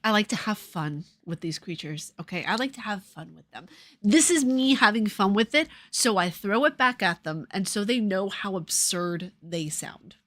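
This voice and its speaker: A woman with a New Jersey and New York accent, chatting casually on a livestream, sarcastic and profane, jumping between loud jabs and muttered asides. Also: mid-range voice, animated, normal speed. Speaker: streamer.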